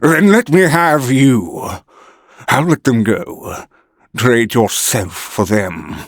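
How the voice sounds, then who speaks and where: A male narrator voicing a cruel, mocking male vampire who taunts in slow, purring menace. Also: medium pitch, expressive, dry recording, clean studio sound. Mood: taunting.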